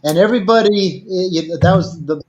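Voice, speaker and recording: With a crowd audible behind him, an older guest storyteller wanders through a lengthy personal tale in relaxed conversation, imitating the people he mentions. He talks a little fast in a slightly high voice, and the recording sounds dull and lo-fi.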